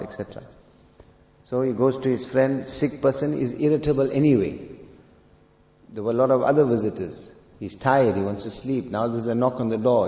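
A man preaching a sermon, telling a story and reciting Arabic verse, rising to loud emphatic peaks. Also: mid-range voice. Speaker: Islamic preacher. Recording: echoey hall, dull lo-fi sound.

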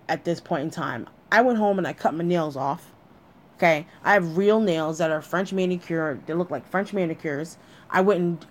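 A young adult woman telling a personal story with lots of swearing, addressing her listeners directly. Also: lowish voice.

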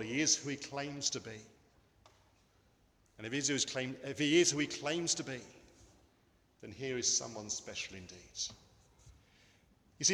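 A man preaching a sermon in a church, earnest and emphatic, with dramatic pauses. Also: mid-range voice, fairly bright tone. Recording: echoey hall with long reverb.

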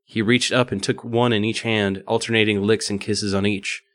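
A man's voice: lowish voice, flat delivery, normal speed, a bit bright, no room sound. A male podcast host reading a story aloud casually, stumbling and correcting himself now and then. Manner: reads with frequent stumbles and asides.

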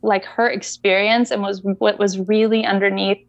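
A woman's voice: mid-range voice, little pitch movement, normal speed, vocal fry, no echo, lo-fi sound. Chatty woman coach telling a story. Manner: chatty, many fillers like "like". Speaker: equine coach guest. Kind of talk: storytelling in a casual interview.

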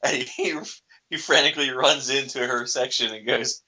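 A man co-hosting a podcast, chiming in with quick asides while casually recapping an episode. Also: medium pitch, fairly even intonation, sharp tone. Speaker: podcast co-host. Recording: dull lo-fi audio.

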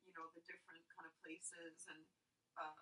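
A woman's voice: fairly low pitch, flat delivery, moderate pace, pushed and bright, far from the mic, poor audio. A woman in casual chat, cutting in with short remarks and reasoning things out plainly. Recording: voice from away from the mic.

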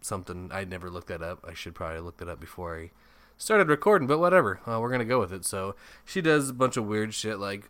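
A man's voice: on the low side, big pitch swings, fast talker, a bit bright, clear, resonant tone. A man hosting a casual movie review, rambling, swearing a lot and laughing often. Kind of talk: casual chat.

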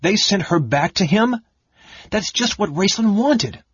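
A man's voice: fairly low pitch, big pitch swings, normal speed, breathy edge, dry recording. A man voicing a fierce, scornful warrior woman who snarls her words. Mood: furious. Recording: dull, dry lo-fi audiobook recording.

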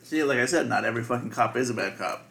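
A young man co-hosting a casual podcast, talking in a loose, profane and animated way. His pitch sits in the middle range for a man. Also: quick pace, gravelly, slight background noise. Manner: crude, animated storytelling full of profanity. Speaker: podcast co-host. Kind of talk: casual chat.

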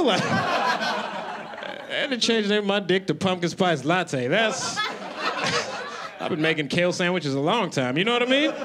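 A male comedian from Colorado works a comedy club stage in a loose, chatty style, often jumping into loud character voices. His pitch swings widely and sits a little high, while the audience laughs loudly around him. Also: noisy background. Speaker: stand-up comedian. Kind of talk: stand-up comedy set.

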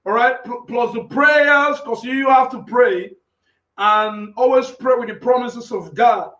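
A man with a very high voice preaches to a live online audience. He talks in an excitable, rambling way and keeps checking in with his listeners. The sound bounces around an echoey room. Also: unhurried. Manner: excitable, repeats himself, frequent "you know what I'm saying". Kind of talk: live-streamed preaching and casual talk.

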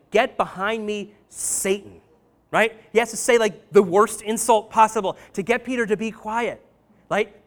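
A man's voice: high voice, a bit bright. A man preaching a casual sermon, retelling stories conversationally with many "um"s, "like"s and "right?"s. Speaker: pastor.

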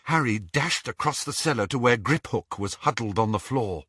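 A man reading a novel aloud as an audiobook narrator, with an expressive, dramatic delivery. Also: medium pitch, moderate pace, breathy edge, no echo, studio quality. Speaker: audiobook reader.

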